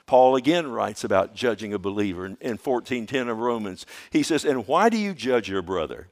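A man preaching a sermon, earnest and conversational, often asking "Amen?" and calling listeners "loved one", rising to loud, emphatic bursts and dropping to soft asides. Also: medium pitch, lively intonation, fairly quick, hardly any pauses. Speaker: pastor.

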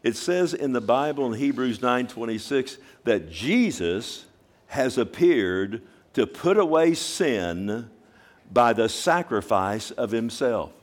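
Emphatic male pastor preaching. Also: mid-range voice. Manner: emphatic preaching with call-and-response questions; swings between loud bursts and quiet, slowed emphasis. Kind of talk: sermon. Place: church service.

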